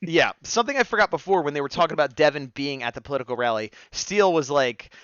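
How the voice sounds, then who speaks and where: A man's voice: a little high, expressive, fast talker, fairly bright tone, clean tone, no echo, lo-fi sound. A man co-hosting a casual live-stream discussion, chatting, reading viewer comments aloud and laughing often. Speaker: co-host of a fan discussion stream.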